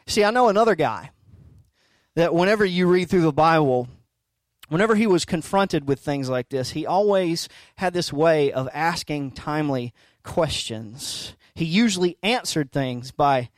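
A man's voice: a little high, animated, unhurried, no room sound. A middle-aged man preaching a sermon as a pastor, conversational and emphatic, asking rhetorical questions.

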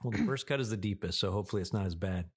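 A man's voice: on the low side, rapid-fire, slightly rough. A man hosting a podcast in casual chat, joking and laughing easily with his guest. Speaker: podcast host.

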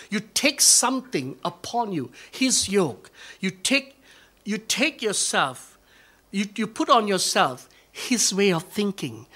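A man preaching a sermon, asking rhetorical questions and answering them, dropping to near whispers and then building to loud, emphatic calls. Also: a little high, slightly rough. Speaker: pastor.

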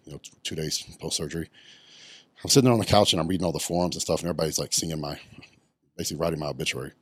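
A man's voice: very deep voice, rapid-fire, husky, no echo. A middle-aged man, telling his story bluntly in a casual podcast interview, swearing often. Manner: blunt and profane, many ums. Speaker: podcast guest, retired bodybuilder.

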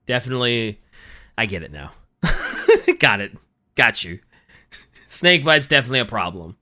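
A man's voice: mid-range voice, big pitch swings, normal speed, pushed and bright. A man co-hosting a casual podcast chat, reacting often with laughter and surprised swearing. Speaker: podcast co-host.

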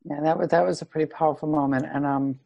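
A middle-aged woman sharing heartfelt personal stories in a casual conversation, growing lively when she quotes other people. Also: sits low, fast talker, creaky, lo-fi sound. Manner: earnest, animated when quoting others.

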